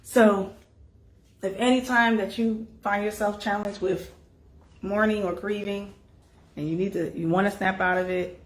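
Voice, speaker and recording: A woman host talking candidly and emotionally about grief, her voice wavering between soft and loud. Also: medium pitch, fairly even intonation, a little slow, long pauses, reverberant. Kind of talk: candid personal talk on grief.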